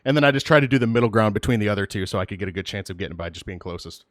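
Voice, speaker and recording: A man's voice: lowish voice, lively intonation, racing, no echo, studio quality. A man co-hosting a casual podcast, rambling in a laid-back, self-deprecating way. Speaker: podcast co-host. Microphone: voice chat mic.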